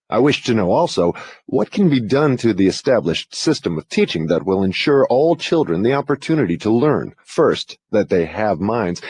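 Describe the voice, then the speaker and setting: A man's voice: medium pitch, a little mellow, husky, no room sound. A man playing a formal, demanding interrogator who questions with insistence in an audiobook dramatization.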